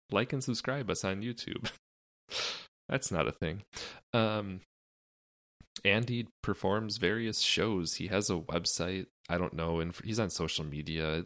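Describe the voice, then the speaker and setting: A man's voice: low-pitched, a bit bright, no room sound, studio quality. A young man co-hosting a podcast, rambling loosely and cracking crude jokes. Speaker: podcast co-host. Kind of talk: casual chat.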